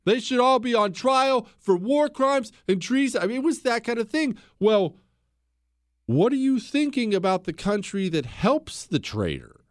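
A man's voice: very high voice, big pitch swings, unhurried, no room sound, clean studio sound. A man hosting a talk show, giving an emphatic, blunt history monologue and repeating phrases for stress.

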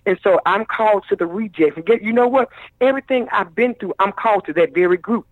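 A man's voice: sits high, fast, dry recording. A man calling in as a guest minister on a radio show, preaching with fervent cadence and calling listeners "baby". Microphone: telephone. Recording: tinny phone line.

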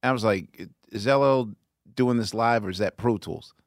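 A man's voice: fairly low pitch, normal speed, no echo, clean studio sound. A man hosting an interview podcast, talking enthusiastically and reflectively, with rambling asides. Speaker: podcast host. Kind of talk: conversational interview.

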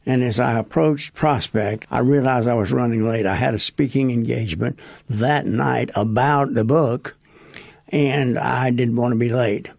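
A man recounting a personal story in a casual, deliberate way, acting out the other voices in the dialogue. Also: medium pitch, gravelly, darkish tone, no echo, studio quality. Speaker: interviewee recounting events.

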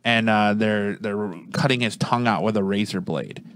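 A man's voice: fairly low pitch, normal speed, a bit bright, no room sound. A man casually reviewing a comic book on a podcast, rambling and restarting his sentences as he searches for words.

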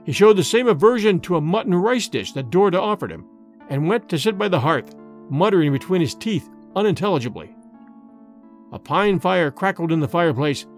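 A man narrating a dark storybook tale in a measured, dramatic manner. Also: fairly high pitch. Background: faint music.

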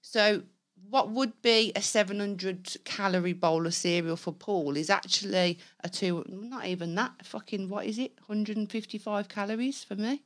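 A woman's voice: mid-range voice, steady tone, normal speed. A woman co-hosting a podcast, chatting frankly and casually and swearing freely. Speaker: podcast co-host. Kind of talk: casual banter.

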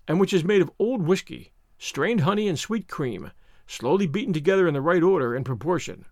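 A man hosting a weekly show, reading a classic novel aloud in measured storytelling narration. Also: a little high, no echo, studio quality. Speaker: audiobook reader and show host.

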